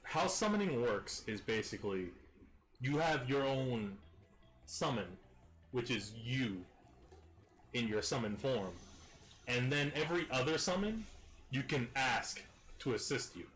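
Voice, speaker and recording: A man's voice: medium pitch, animated, measured pace, pauses often, fairly bright tone, a little hiss or hum. A man co-hosting a game video, casually retelling a story and laughing often. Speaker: let's play co-host. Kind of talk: casual gaming chat.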